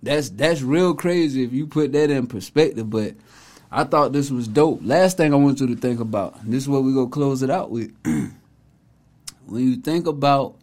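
A man's voice: medium pitch, animated, moderate pace, a little mellow. A man hosting a casual commentary video, talking in an emphatic, preachy, conversational way. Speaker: host, commentator.

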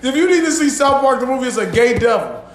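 A man with a very high voice hosts a casual podcast, rambling through stories with bursts of laughter and plenty of swearing. The room is echoey, with a faint hum of ambience behind him. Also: expressive, fast. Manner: loud, laughing, profane storytelling. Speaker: podcast host.

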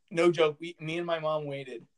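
A man's voice: fairly high pitch, steady tone, measured pace. A young man telling a rambling story in casual chat, laughing often and full of fillers and restarts.

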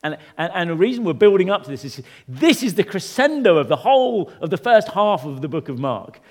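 Guy preaching a sermon, kinda high voice, super animated, goes quiet then booms up. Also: fairly quick. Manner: animated, swings from soft and low to loud emphatic rises; conversational asides to the congregation.

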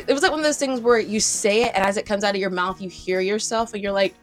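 A woman's voice: on the high side, brisk, few pauses, faint music behind. A young woman from South Carolina in casual chat, telling a story with acted-out quotes and frequent laughter. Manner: animated storyteller, acts out quotes, laughs often.

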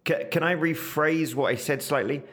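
A man's voice: a little high, normal speed, a bit bright. A man in casual chat, blunt and sardonic, swearing often.

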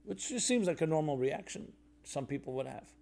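Mellow-voiced man teaching with gentle parables. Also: animated, brisk, gravelly. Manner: reflective, tells parables, drops to a soft low voice for stories; conversational with fillers and restarts. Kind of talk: sermon-style talk.

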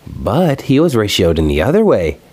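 Alone at home, a young male video host launches into a casual, swear-filled rant about an online annoyance. He speaks at an ordinary pace in a husky voice on the low side, sounding exasperated and animated throughout.

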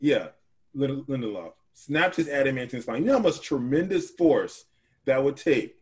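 A man co-hosting a casual podcast chat, animated, often restarting his sentences and talking over his partner. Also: mid-range voice, moderate pace. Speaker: podcast co-host.

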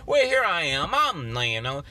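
A man's voice: a little high, huge pitch swings, unhurried, pushed and bright. A man hosting a motivational podcast, talking in a folksy, preacherly way and acting out his own inner voices. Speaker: podcast host.

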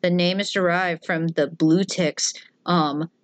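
A woman's voice: on the low side, steady tone, takes it slowly, no room sound. A woman co-hosting a casual podcast chat, telling stories and laughing often. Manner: chatty storyteller, laughs often.

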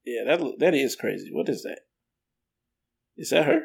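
A man's voice: mid-range voice, lively intonation, moderate pace, creaky, breathy edge. A man co-hosting a casual podcast chat, telling stories with chuckles. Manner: laughing storyteller. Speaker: podcast co-host.

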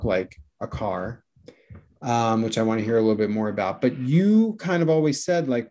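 Deadpan podcast host on a video call. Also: male voice, fairly low pitch. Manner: dry, deadpan asides. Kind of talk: casual chat.

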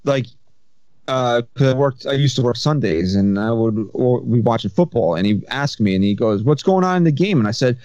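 A man's voice: mid-range voice, moderate pace, a little mellow, no echo. A man hosting a casual podcast chat, telling stories in a rambling, self-interrupting way. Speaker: podcast host. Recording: slightly dull sound.

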